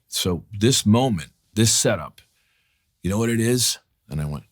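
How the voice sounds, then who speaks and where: Deep-voiced man telling stories, profane and animated. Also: moderate pace. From New York. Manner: animated, profane, restarts a lot, acts out quotes. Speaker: guest actor. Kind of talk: storytelling in a casual interview.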